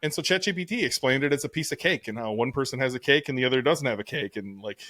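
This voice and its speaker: A middle-aged man co-hosts a casual podcast chat, racing through rambling, profane anecdotes. His voice is mid-pitched and recorded dry and close, with no room sound. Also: pushed and bright, no room sound. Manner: fast, rambling, profane storytelling. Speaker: podcast co-host.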